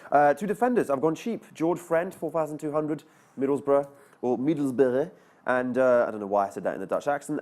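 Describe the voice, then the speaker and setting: A man's voice: medium pitch, darkish tone. A man talking football picks on a casual panel show. He is chatty and pokes fun at his own mistakes. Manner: chatty, self-mocking pundit. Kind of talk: casual sports chat.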